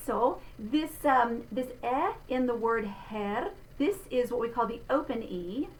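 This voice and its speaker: A middle-aged woman, a vocal instructor giving a clear, patient pronunciation lesson with spoken demonstrations. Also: on the high side, slight background noise, poor audio. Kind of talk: diction lesson.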